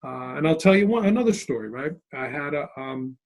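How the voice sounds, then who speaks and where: A middle-aged school principal and author tells stories in a conversational interview, his voice fairly high, brisk, and gravelly. He's animated, often checking in with "right?" and sprinkling in "like."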